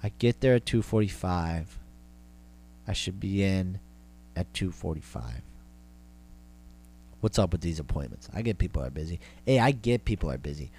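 A man's voice: low-pitched, big pitch swings, normal speed, darkish tone, no echo. A young adult man hosting a podcast, delivering a profane, exasperated comedic rant full of repetition. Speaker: podcast host. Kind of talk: comedic ranting monologue.

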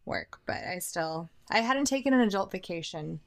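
A woman's voice: fairly low pitch, animated, moderate pace, vocal fry. A young woman from California, a podcast guest, telling stories in a casual chat with a self-mocking Valley Girl lilt.

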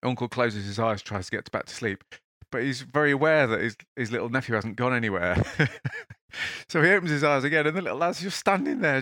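A man hosting a podcast, chatty and animated, telling a story off the top of his head. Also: mid-range voice, no room sound, studio quality. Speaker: podcast host. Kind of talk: casual podcast talk and storytelling.

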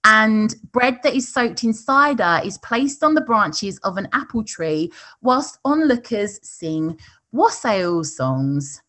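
A playful woman co-hosts a casual podcast with a higher-pitched voice. She chats loosely and giggles often. She sometimes breaks into a folk song. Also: sing-song, slow pace, a bit bright. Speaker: podcast co-host. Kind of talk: casual chat.

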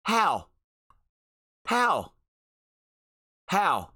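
A male podcast host with a high-pitched voice and big pitch swings delivers an anime review rant at a measured pace in a sharp tone. He's heated and profane, repeating phrases for emphasis, recording at home while a storm goes on.

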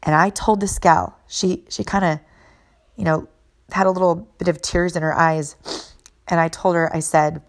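A woman's voice: fairly low pitch, fairly even intonation, moderate pace. Woman, fitness coach and mom: earnest, emphatic, repetitive motivational storytelling. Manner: earnest, emphatic, repeats key phrases. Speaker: mother and fitness and mindset coach.

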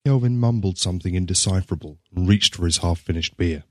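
A man narrating a short story in a measured, scripted reading. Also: deep voice, no echo, studio quality.

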